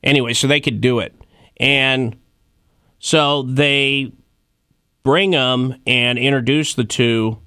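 A man's voice: mid-range voice, steady tone, slow, pauses often, sharp tone, clean tone, dry recording, clean studio sound. A man in his thirties hosting a casual comedy chat about odd news stories, joking and rambling with fillers and asides. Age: 30s. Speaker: host.

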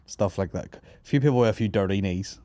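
A man's voice: on the low side, fast talker, dark tone, no echo. A man hosting a comedy podcast, telling rambling, sweary stories and laughing at his own jokes. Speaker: podcast host. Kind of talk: casual comedy podcast banter.

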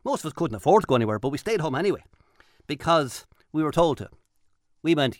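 Fired-up fast-talking Irish radio host. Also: male voice, a little high, big pitch swings, no echo, studio quality. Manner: fired-up, emphatic, repeats points for punch. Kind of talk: impassioned talk radio monologue. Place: radio studio. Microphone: studio microphone.

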